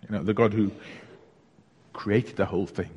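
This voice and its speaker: A man preaching a sermon in a church, telling stories in a chatty, unhurried way with small hesitations. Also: lowish voice, steady tone, darkish tone, slightly rough, lo-fi sound. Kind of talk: sermon with a joke. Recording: long reverb of a church hall.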